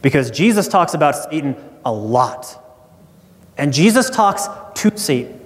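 A man's voice: fairly high pitch, sing-song, unhurried, long reverb tail. A man preaching a sermon as pastor, conversational and storytelling.

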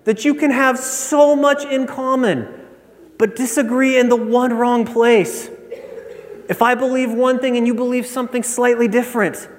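A man preaching a sermon as pastor, telling stories in an engaged, conversational way. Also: darkish tone. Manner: storytelling, acts out a joke with rising pitch. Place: church sanctuary. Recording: long hall reverb.

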